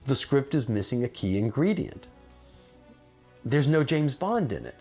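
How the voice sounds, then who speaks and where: A man giving measured, scripted documentary narration. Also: medium pitch, very animated, dark tone, soft background music.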